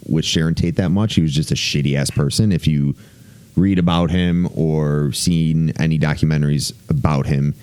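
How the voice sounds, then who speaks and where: A man's voice: extremely low pitch, fairly even intonation, normal speed, a little mellow, clear, resonant tone. A man co-hosting a podcast in casual chat, blunt and offhand, swearing freely. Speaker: podcast co-host.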